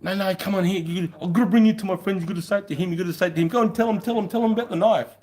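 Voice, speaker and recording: A man's voice: high voice, rapid-fire, a little mellow, pitched above the performer's own voice. An Australian man doing an eager American soldier with an American accent, pleading and pushy. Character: excited American soldier, male adult, eager.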